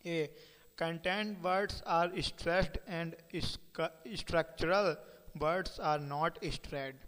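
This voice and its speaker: A man teaching a lesson by slow dictation, reading points aloud and spelling words out letter by letter. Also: a little high, fairly even intonation, a bit bright, clear, resonant tone, in a large hall, low-quality recording.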